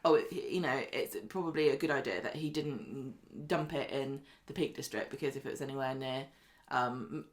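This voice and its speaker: A woman co-hosting a casual chat show, opinionated and quick to laugh. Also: extremely low pitch. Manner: lively, opinionated, laughs often. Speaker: podcast co-host. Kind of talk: casual chat about a soap opera.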